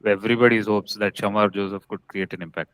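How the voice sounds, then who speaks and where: A man's voice: on the low side, steady tone, quick pace, fairly bright tone, no echo, low-quality recording. A man co-hosting a cricket podcast, giving opinionated, blunt verdicts in casual chat.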